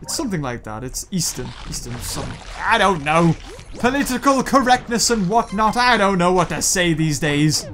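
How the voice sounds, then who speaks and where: A man hosting a gaming video, chatting and joking excitedly to his viewers while he plays. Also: high voice, moderate pace, slight background noise. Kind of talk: let's play commentary.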